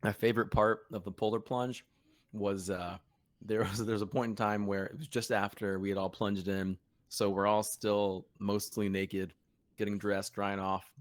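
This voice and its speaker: A man's voice: fairly low pitch, little pitch movement, normal speed, no room sound. A man hosting a casual podcast chat, laid-back and laughing as he tells stories. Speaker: podcast host.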